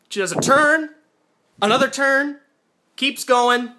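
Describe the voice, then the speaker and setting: A young man at home, filmed on a handheld phone camera, ranting and swearing about a movie he hated, with yelled outbursts. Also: very high-pitched, takes it slowly, pauses often, a little hiss or hum. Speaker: movie reviewer. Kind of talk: angry movie-review rant.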